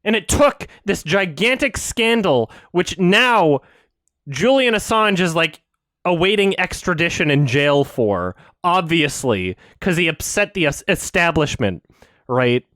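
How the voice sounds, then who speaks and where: A man's voice: on the high side, animated, unhurried, fairly bright tone, no room sound, clean studio sound. A man from Canada, ranting on a livestream in a heated, profane, emphatic way. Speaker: streamer. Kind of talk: angry livestream rant.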